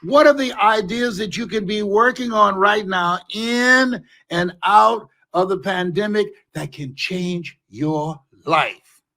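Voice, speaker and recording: A man giving a motivational talk and telling funny stories, with animated delivery and shouted punchlines. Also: sits high, takes it slowly. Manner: animated storytelling, shouting for emphasis. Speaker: motivational speaker.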